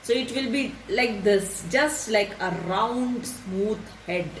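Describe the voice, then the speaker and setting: A woman's voice: medium pitch, slow pace. A woman, teaching a story by reading it aloud and explaining it line by line, repeating herself and checking understanding with questions. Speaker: English teacher. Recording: roomy echo, distant mic, faint noise.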